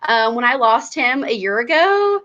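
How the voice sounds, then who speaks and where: Female guest, dog trainer, fairly high voice, earnest and heartfelt casual talk. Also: sing-song, normal speed, a bit bright, muffled recording. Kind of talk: casual chat.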